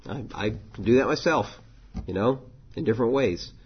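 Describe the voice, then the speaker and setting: A man's voice: mid-range voice, expressive, moderate pace, slightly rough, highs cut off. A man who is a pastor, teaching a church leadership class in a conversational way, with frequent ums and restarts.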